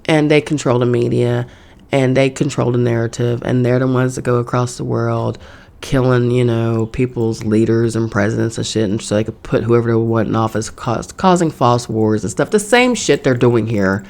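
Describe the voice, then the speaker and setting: A woman podcast host with a gravelly edge to her voice, speaking in a casual spiritual monologue. She talks bluntly and swears freely, like she's chatting with friends from her home. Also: extremely low pitch, moderate pace, a little mellow. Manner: blunt, profane, conversational. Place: home in New York.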